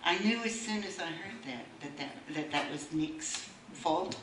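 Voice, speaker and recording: A woman's voice: low voice, animated, a little slow, recorded from a distance. A woman giving a wry speech at a book launch and reading a poem aloud. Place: bookshop room. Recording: echoey room recorded from afar, faint noise.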